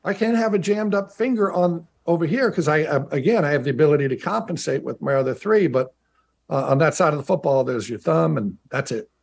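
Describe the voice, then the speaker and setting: Middle-aged male ex-athlete broadcaster, husky and a bit high, rambling emphatic anecdotes over a video link. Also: expressive, a little fast. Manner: chatty, stumbling restarts, emphatic repetition. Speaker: former pro football player turned team broadcaster. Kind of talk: remote interview, anecdotal storytelling. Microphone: video call.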